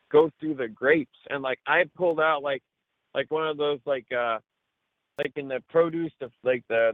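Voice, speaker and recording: A man's voice: a little high, no room sound. A young man telling a story in casual chat, profane and rambling, with lots of filler words. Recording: tinny phone-like line, dry.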